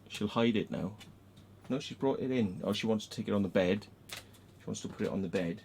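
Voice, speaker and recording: A middle-aged British man hosting a casual livestream, telling a story in a sweary, excitable way and acting out the voices of the people in it. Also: lowish voice, brisk, slight background noise. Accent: British English. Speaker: livestream host. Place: home room with fan and dog.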